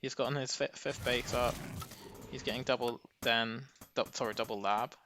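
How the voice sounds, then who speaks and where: A man's voice: mid-range voice, normal speed. A man giving casual, chatty live commentary on a strategy game match. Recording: steady background noise.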